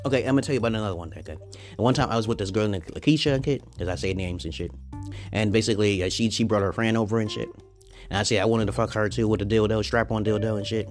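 A man's voice: on the low side, fast, soft background music. A man in a rambling monologue to viewers, crude and boastful, tagging nearly every line with a questioning "okay?".

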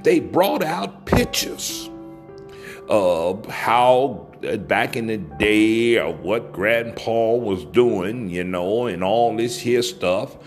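A man's voice: on the low side, expressive, slow pace, faint music behind. A man telling a folksy story aloud, leaning on key words and drawing them out.

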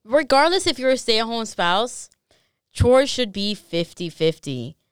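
A woman's voice: fairly high pitch, very animated, a little slow, smooth, no room sound, clean studio sound. A young woman co-hosting a podcast, chatting frankly and swearing freely, with many "like"s. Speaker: podcast co-host. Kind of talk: casual chat.

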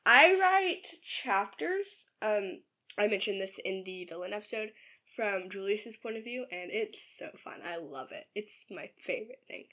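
In a relaxed podcast conversation, a young woman discusses her own novel with plenty of filler words and laughter, sounding chatty and giggly. She co-hosts the show and writes; her voice is medium in pitch with a fairly bright quality.

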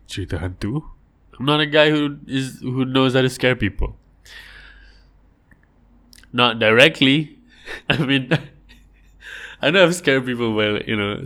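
A man's voice: medium pitch, fairly bright tone. A man hosting a casual livestream, answering listener questions in a rambling, joking way. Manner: rambling, joking, acts out little scenes in silly voices.

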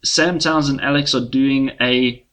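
A man co-hosting a relaxed podcast. His voice sits at a middle pitch, and he rambles in an easygoing way, often restarting his sentences. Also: unhurried. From South Africa. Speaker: podcast co-host. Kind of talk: casual podcast chat.

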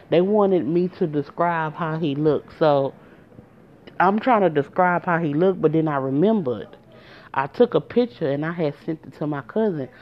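A woman telling a personal story to her viewers in a casual, emotional way, talking straight to them. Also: deep voice. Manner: emotional, conversational, addresses viewers directly. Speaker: storyteller vlogger. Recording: dull lo-fi recording.

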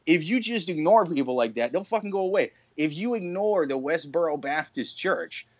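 A young man with a somewhat high voice talks in a blunt, mocking way, swearing freely through a casual podcast chat. The sound is dull and dry, with little room around it. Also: expressive, normal speed, no room sound. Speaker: podcast co-host.

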